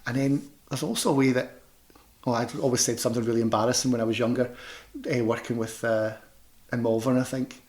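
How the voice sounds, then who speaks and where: A man's voice: medium pitch, steady tone, brisk, a little mellow. A man with a Scottish Glasgow accent, a panto performer and director, chatting loosely in an interview with many restarts. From Scotland. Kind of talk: casual interview chat.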